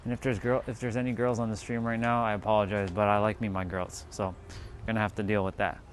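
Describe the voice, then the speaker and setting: A man's voice: lowish voice, level tone, quick pace, a little hiss or hum. A man from California hosting a casual livestream, chatting and counting reps between exercises. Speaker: livestream host. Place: outdoors in hot weather.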